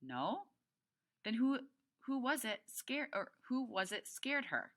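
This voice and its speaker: A woman voicing a proper, gentle older grandmother, read aloud from a novel. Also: fairly high pitch, sing-song, slow, voice pushed up, heavily acted. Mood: probing. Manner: gentle, prim.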